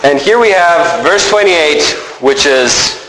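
A man preaching a sermon in an animated way, acting out the voices he quotes. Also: a little high, slow pace. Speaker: pastor. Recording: roomy hall reverb, faint noise.

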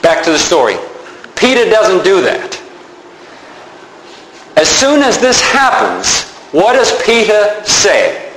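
A man preaching in an animated storytelling manner, slipping into the voices of the people in his stories. His voice sits a little high, and it rings out in a reverberant room with a faint hum of background noise. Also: takes it slowly, pauses often. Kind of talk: sermon.

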